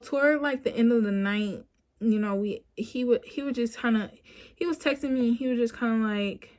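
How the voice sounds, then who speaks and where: A woman's voice: on the high side, moderate pace. A woman in her twenties telling a personal story in a casual, rambling way, full of "like" and "you know", recorded on a phone camera at home. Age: 20s. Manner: animated when quoting herself. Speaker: vlogger.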